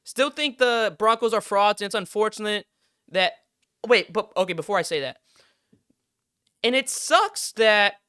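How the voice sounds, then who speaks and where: A man's voice: high voice, a little slow, long pauses, sharp tone, clear, resonant tone, dry recording, clean studio sound. A young man hosting a sports podcast, ranting heatedly and with plenty of swearing. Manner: heated, profane, exasperated ranting. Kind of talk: casual sports rant.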